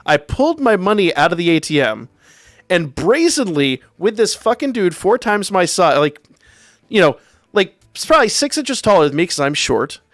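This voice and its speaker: A man's voice: high-pitched, very animated, moderate pace, a bit bright, no echo, clean studio sound. A man hosting a livestream, telling a story in a wry, profane, casual way. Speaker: livestream host.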